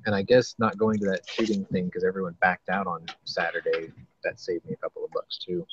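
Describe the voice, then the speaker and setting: A man's voice: deep voice, steady tone, brisk. A man hosting a casual podcast chat, rambling and profane, often restarting his sentences. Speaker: podcast host. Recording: dull lo-fi with faint noise.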